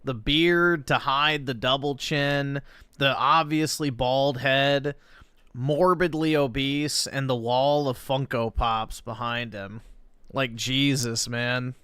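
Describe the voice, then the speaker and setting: A man's voice: mid-range voice, steady tone, slow, sharp tone, smooth, no echo, studio quality. A man mocking the subject of the video in profane livestream commentary.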